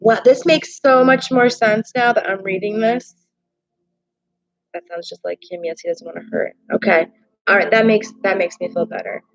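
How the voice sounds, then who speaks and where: Sitting at her home desk, a woman runs a casual tarot live stream on her laptop, chatting and getting emotional as she responds out loud to viewer comments. Her pitch is medium and her pace normal. The laptop microphone gives a low-quality recording.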